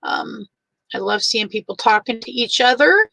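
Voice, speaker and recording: A woman's voice: a little high, expressive, normal speed, vocal fry, no echo, low-quality recording. Teary older woman greeting livestream viewers. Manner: warm, chatty, greets each viewer by name. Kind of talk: casual livestream chat.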